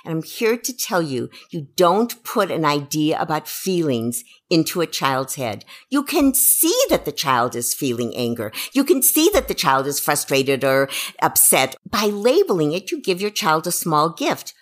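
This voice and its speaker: A woman's voice: sits low, very animated, measured pace. A middle-aged woman, an educational psychologist, giving parenting advice on a podcast and acting out what parents and children say.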